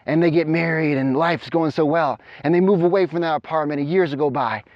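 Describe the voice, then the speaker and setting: A man's voice: fairly high pitch, brisk, dry recording, lo-fi sound. A man coaching through a story, talking animatedly while running up a mountain trail outdoors. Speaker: motivational coach. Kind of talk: energetic storytelling vlog.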